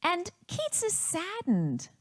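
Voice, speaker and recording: Woman from wisconsin telling a family story, slow and thoughtful, voice swings up and down a lot. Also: extremely high pitch, wildly swooping pitch. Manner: reflective, unhurried telling. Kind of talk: told personal story.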